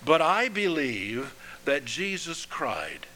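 A man preaching a sermon in a slow, earnest way, letting his phrases drop softly at the ends. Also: fairly high pitch, huge pitch swings, slight background noise, poor audio.

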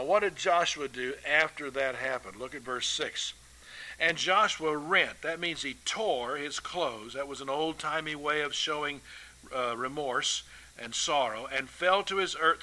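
Male preacher going through scripture, high voice, asks the crowd lots of questions, homey asides. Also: pushed and bright, poor audio. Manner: emphatic, rhetorical questions, folksy asides. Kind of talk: sermon.

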